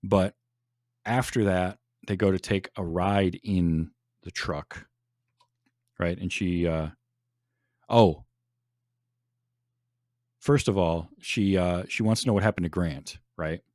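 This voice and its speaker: A man's voice: deep voice, takes it slowly, pauses often, darkish tone, no room sound, clean studio sound. A man hosting a podcast in casual chat, enthusiastic, laughing often and restarting his sentences. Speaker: podcast host.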